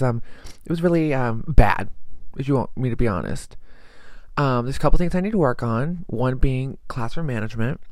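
Young male vlogger, chatty and anxious, dry recording, mid-pitched. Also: a little mellow, no echo. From American South. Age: young adult. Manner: chatty, rambling, self-deprecating, anxious. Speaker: vlogger, student teacher. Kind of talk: casual chat.

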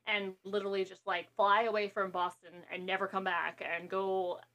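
A woman's voice: mid-range voice, little pitch movement, fairly bright tone. Rambling woman podcast co-host. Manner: rambling, quick asides, laughs. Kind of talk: casual movie-watching chat.

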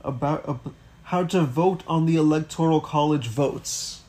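A man's voice: a little high, unhurried, dark tone. A man co-hosting a podcast, ranting about politics in casual chat, swearing freely and throwing in rhetorical questions. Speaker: podcast co-host.

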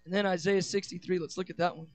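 A pastor preaching a sermon, rushing through quick asides, then slowing and rising into loud, shouted declarations. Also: male voice, high-pitched, little pitch movement, no room sound, faint music behind.

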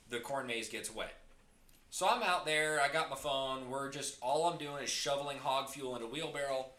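A man hosting a casual podcast chat, telling stories in an animated way and swearing freely. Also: mid-range voice, slight background noise. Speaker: podcast host. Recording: roomy echoey room.

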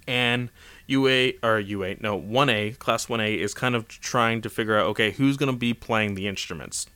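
A man talks through a comic chapter in a loose, rambling recap, stopping and restarting his sentences. His voice sits a little low but sounds bright and forceful. It comes across as smooth and clean. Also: moderate pace. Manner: rambling, many fillers and restarts. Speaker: manga chapter reviewer. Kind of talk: casual story recap.

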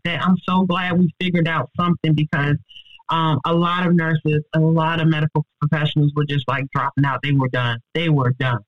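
Earnest nurse, dry dull sound. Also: female voice, lowish voice, no room sound. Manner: earnest, heartfelt and faith-driven, quick and emphatic. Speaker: ICU nurse. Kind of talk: personal testimony in an interview.

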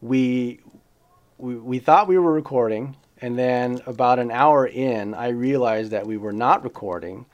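Male podcast co-host, mid-pitch, slow, easygoing with lots of fillers. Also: muffled recording. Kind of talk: casual podcast chat. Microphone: remote recording setup.

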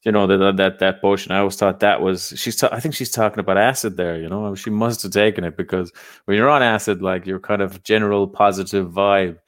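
Deep-voiced Irish man telling stories. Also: steady tone, fairly quick, no room sound. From Ireland. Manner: profane, laughing storyteller. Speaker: comedian podcast host. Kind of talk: casual storytelling chat.

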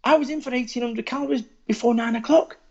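A man's voice: very high-pitched, quick pace, gravelly, dull audio. Sweary man in his forties. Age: 40s. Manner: blunt, sweary, animated storytelling. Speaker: podcast guest. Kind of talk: casual chat.

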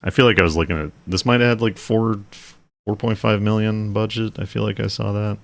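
A man's voice: on the low side, fairly even intonation, brisk, gravelly, a bit bright. A man co-hosting a podcast in casual chat, rambling and laughing a lot as he talks. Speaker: podcast co-host.

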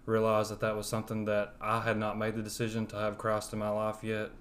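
A man's voice: fairly low pitch, completely flat delivery, fairly quick, a bit bright, a little hiss or hum. Young man with a thick Alabama drawl. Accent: thick Southern US, Alabama. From West Alabama. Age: young adult. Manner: earnest, rambling with fillers. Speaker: podcast guest. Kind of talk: sharing a personal testimony.

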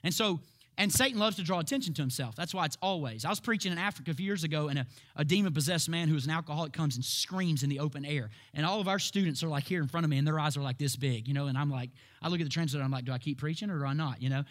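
A man delivers a sermon with a tense, forceful tone. His pitch sits a little high. He talks emphatically, asks rhetorical questions and climbs to shouted peaks. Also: very fast. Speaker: preacher.

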